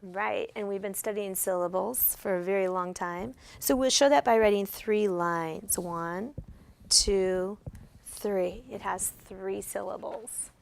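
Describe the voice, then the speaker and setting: A woman's voice: medium pitch, a little slow, vocal fry, few pauses. A woman teacher giving classroom instruction, guiding students step by step with patient questions. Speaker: special education teacher.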